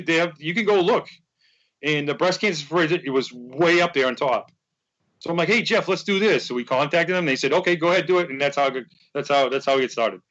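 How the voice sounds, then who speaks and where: A man's voice: fairly high pitch, muffled recording. A man telling a long story in casual conversation, rambling and acting out what people said. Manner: rambling, animated, acts out quoted dialogue. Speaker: podcast guest, fan charity organizer.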